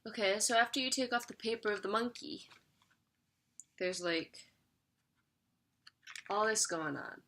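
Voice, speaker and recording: Young woman, chatty unboxing vlogger, giggly, bright tone, faint noise. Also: mid-range voice, measured pace, long pauses. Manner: chatty, giggly, talks while eating. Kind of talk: casual unboxing chat.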